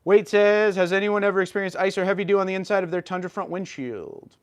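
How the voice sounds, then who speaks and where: A man's voice: high voice, fast, clean tone. A man hosting a casual livestream, reading viewer comments aloud and answering them in an upbeat way. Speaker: livestream host.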